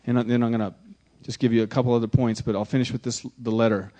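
Talking fast in a steady, medium-pitched tone, a man preaches as pastor with emphasis. He moves between loud exclamations and hushed lines, repeating words often to underline them.

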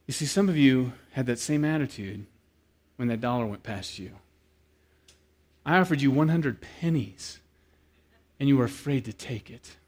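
A man preaching a sermon, telling a story with lively acted-out quotes and then speaking quietly and earnestly to the congregation. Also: medium pitch, normal speed. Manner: animated storyteller who acts out quoted voices, then turns quiet and earnest. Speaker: pastor.

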